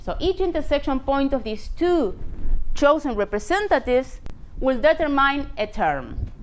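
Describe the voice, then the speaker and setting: A woman giving a math lecture in a lecture hall. She explains step by step, with lots of "you know". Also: high voice.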